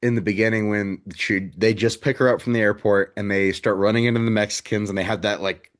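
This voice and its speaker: A man co-hosting a podcast who chats excitedly about a film, swearing freely and quoting lines. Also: fairly low pitch, brisk. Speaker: podcast co-host. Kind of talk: casual film discussion.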